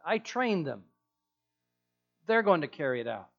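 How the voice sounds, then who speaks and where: Preacher doing calm plain-spoken teacher, matter-of-fact, slightly high voice, dull lo-fi audio. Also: male voice, a little slow, creaky, exaggerated voice. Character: calm male teacher reporting back.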